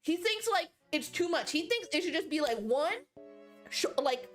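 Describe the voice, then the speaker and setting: A young woman with a high, light voice tells funny stories from work on a livestream. She rambles and keeps breaking into laughter at her own tales. Soft music plays quietly underneath. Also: sing-song, moderate pace. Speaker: streamer. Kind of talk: casual livestream storytelling.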